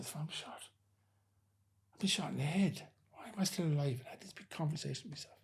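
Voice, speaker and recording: A man's voice: fairly high pitch, a little fast, dark tone, slight background noise. A middle-aged man, a former doorman telling rambling anecdotes in a casual interview, often saying "you know". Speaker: former nightclub head doorman, guest.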